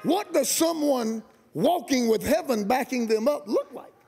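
A man preaching a fiery sermon as guest pastor, shouting and colloquial. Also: extremely high pitch, lively intonation, a little slow, vocal fry. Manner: shouting, colloquial, Southern-style preaching with rising emphasis. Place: large camp meeting venue.

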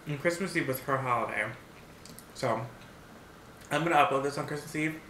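A man with a bright, forceful voice eats on camera and tells a story in an animated, blunt way, swearing freely. His sound bounces around an echoey room over a faint hiss. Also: medium pitch, normal speed. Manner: animated, talks while eating; blunt and profane. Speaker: vlogger. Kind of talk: mukbang story time.

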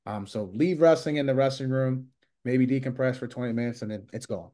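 A man in his thirties talks casually as a guest, spinning rambling anecdotes and acting out other people's lines. His voice sits at an ordinary middle pitch for a man. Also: fairly quick. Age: 30s. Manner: rambling, animated anecdotes with quoted dialogue. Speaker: guest wrestler and coach. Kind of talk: casual storytelling interview.

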